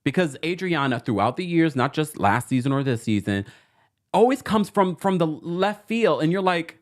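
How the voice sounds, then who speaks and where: A man hosting a livestream recap of a reality show, talking in a sassy, animated way and addressing the cast members directly. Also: fairly high pitch, moderate pace. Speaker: podcast host.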